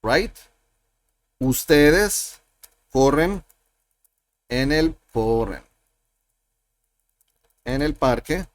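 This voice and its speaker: A man with a fairly high voice teaches Spanish at a slow, careful pace, repeating each example so it sinks in. He sounds close to the mic in a dry room with no echo. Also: expressive. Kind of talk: screen-share language lesson.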